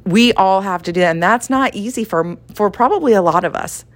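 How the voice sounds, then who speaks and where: A middle-aged woman, teaching a devotional in a chatty, animated way, acting out little dialogues. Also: mid-range voice, brisk. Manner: conversational, animated, acts out dialogue, laughs often. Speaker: podcast host and Bible teacher.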